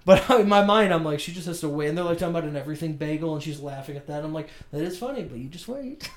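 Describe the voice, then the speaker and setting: A man co-hosting a podcast, telling rambling, animated stories in casual chat and laughing often. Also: fairly high pitch, very fast. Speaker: podcast co-host.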